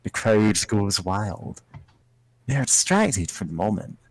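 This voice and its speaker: Slow, low-voiced male game master. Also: sing-song, rough recording. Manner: rambling, hesitant, many fillers. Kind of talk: improvised tabletop game narration.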